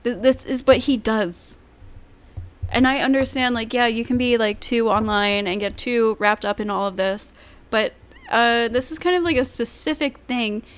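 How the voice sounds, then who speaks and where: A woman's voice: fairly high pitch, normal speed, smooth. A woman streamer reacting to clips, ranting bluntly and swearing freely. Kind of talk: casual livestream commentary.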